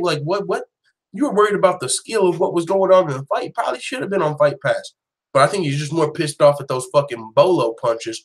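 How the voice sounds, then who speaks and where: A man hosting an online show, giving casual, profane, animated commentary full of quick restarts. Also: on the high side, poor audio. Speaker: host of an MMA news channel.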